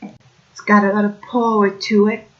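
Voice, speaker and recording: A woman's voice: mid-range voice, little pitch movement, measured pace, highs cut off. A woman explaining accent features in a video lesson, hesitant and careful, with many fillers. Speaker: accent coach.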